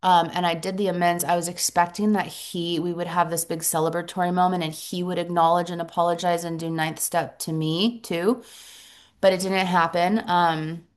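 A middle-aged woman sharing her story at a support meeting, earnest and reflective, pausing often and restarting her sentences. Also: fairly low pitch, flat delivery. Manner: halting, earnest, reflective, many pauses and restarts. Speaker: recovery group member sharing.

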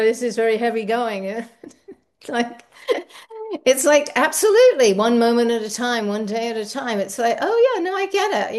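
Older woman, slightly high voice, shares her story at a recovery meeting, laughs often, animated. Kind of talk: personal sharing at a meeting.

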